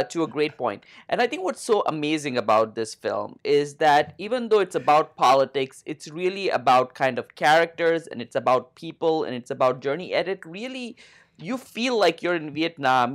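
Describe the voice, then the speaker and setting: A man co-hosting a comedic movie-debate podcast, delivering over-earnest praise with a sarcastic edge. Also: fairly high pitch. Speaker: podcast co-host.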